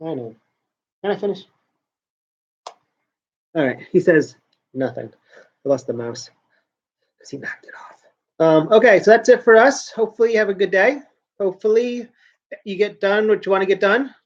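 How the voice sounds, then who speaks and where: A man's voice: sits high, lively intonation, normal speed, long pauses, dull audio. A man hosting a joke news show from home, rambling and self-mocking as he talks at his computer. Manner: rambling, joking, self-mocking, trails off and restarts. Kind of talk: casual rambling talk to camera.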